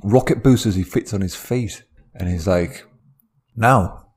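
A man's voice: low voice, normal speed, mellow, slightly rough. A man telling an improvised comedy story in a rambling, playful manner.

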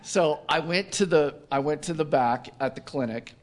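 A man as an interview guest, telling a self-mocking personal story in casual conversation with lively delivery. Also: fairly high pitch, moderate pace. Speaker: company co-founder, interview guest.

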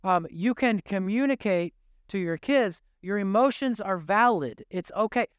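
Older male preacher, high-pitched, earnest and chatty, dry recording. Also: lively intonation, unhurried, smooth, dry recording. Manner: earnest, conversational preaching with rhetorical questions. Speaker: pastor. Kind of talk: sermon.

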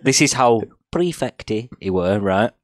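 A man's voice: on the low side, lively intonation, measured pace, dry recording, studio quality. A young man, a podcast co-host telling school stories in casual chat and laughing often.

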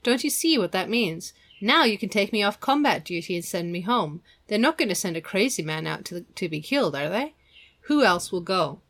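A woman's voice: medium pitch, lively intonation, normal speed, a bit bright. A woman talking casually and thoughtfully about a novel's chapter, with some hesitation. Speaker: book club co-reader. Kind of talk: casual book discussion.

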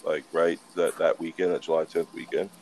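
A man's voice: a bass voice, level tone, brisk, darkish tone, slight background noise. A man in his twenties, a podcast co-host, telling a rambling, swear-filled story in casual chat.

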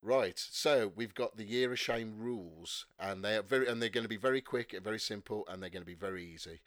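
A man hosting a casual podcast, explaining rules briskly with fillers and jokes. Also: on the low side, fairly bright tone, dry recording, studio quality. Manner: jokey, brisk rule-explaining with frequent fillers. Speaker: podcast host.

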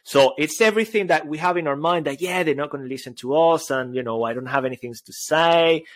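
Male podcast co-host, Spanish accent, slightly higher voice, playful and casual. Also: fairly quick. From Spain. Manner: playful, switches between languages.

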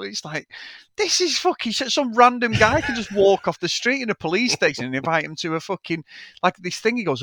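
A man rants happily about a bad action movie, his voice pitched a little high and swinging widely as he talks. He swears constantly and laughs along with his co-host. The sound is close and dry, like a podcast mic. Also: sing-song, brisk, pushed and bright, no echo. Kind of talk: casual film review chat.

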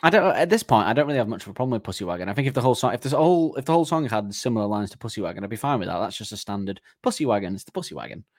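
A man's voice: lowish voice, animated, rapid-fire, hardly any pauses, no echo, clean studio sound. A man co-hosting a podcast, chatting casually and jokily, acting out silly scenes and laughing often. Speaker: podcast co-host. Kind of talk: casual comedic chat.

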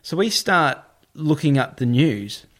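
A man's voice: on the high side, very animated, unhurried. Rambling young man. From Australia. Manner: rambling, lots of "like" fillers. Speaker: guest. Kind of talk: casual storytelling.

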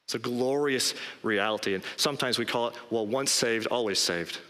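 A man preaching a sermon as pastor, emphatic and rising in pitch on key phrases. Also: normal speed, sharp tone. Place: church sanctuary. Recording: long hall reverb.

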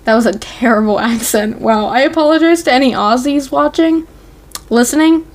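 A woman with a notably high voice chats casually as a podcast co-host. Her talk is loose and giggly, full of "like" and "um". She keeps an easy, unscripted flow. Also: normal speed. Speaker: podcast co-host recapping a TV episode. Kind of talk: casual chat.

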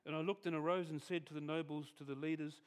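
A man preaching a conversational sermon as pastor, often restarting phrases and trailing off softer at the end of thoughts. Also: on the high side, fairly even intonation, quick pace.

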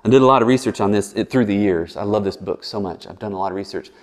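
A man's voice: fairly low pitch, fast. A man preaching a sermon as a pastor, chatty and verbose, full of asides and jokes. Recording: long reverb in a large hall.

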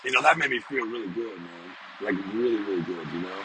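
With background noise behind him, a rambling middle-aged man speaks fast in a lowish voice with lively intonation. He's a vlogger and sales professional delivering a casual monologue to camera, repeating himself and frequently asking "you know?".

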